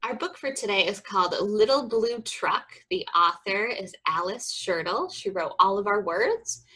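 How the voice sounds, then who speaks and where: A woman librarian reading a picture book aloud at children's story time, expressive and rhythmic, with chatty asides to the kids. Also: mid-range voice, moderate pace, slightly rough. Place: library program.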